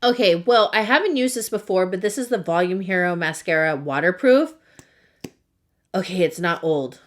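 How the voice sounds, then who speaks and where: A woman's voice: on the low side, lively intonation, normal speed. A young woman chatting casually while doing her makeup, talking in a loose storytelling way with lots of "like". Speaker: beauty vlogger. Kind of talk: casual get-ready-with-me chat.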